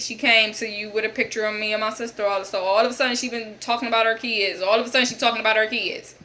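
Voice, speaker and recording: A woman's voice: fairly high pitch, pushed and bright, a little hiss or hum, poor audio. A young woman telling a story as a casual rant, blunt, profane and exasperated. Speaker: vlogger.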